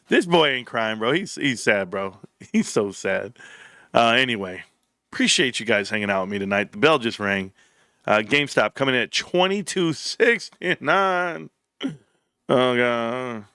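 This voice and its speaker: A man's voice: medium pitch, very animated, measured pace, sharp tone, dry recording, studio quality. A man in his thirties hosting a casual livestream, joking and slipping into bits of song. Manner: joking, breaks into singing. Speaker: livestream host.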